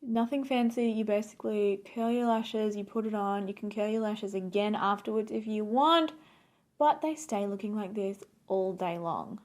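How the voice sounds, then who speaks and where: A woman's voice: medium pitch, moderate pace, darkish tone. A young woman in a chatty, playful get-ready-with-me video who drifts off topic as she talks through her makeup. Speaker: beauty vlogger. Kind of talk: casual get-ready-with-me chat.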